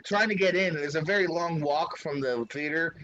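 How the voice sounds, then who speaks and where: A man co-hosting a podcast, giving his take on movies in casual, hesitant, measured chat. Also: a little high, over a noisy crowd. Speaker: podcast co-host. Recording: dull dry sound.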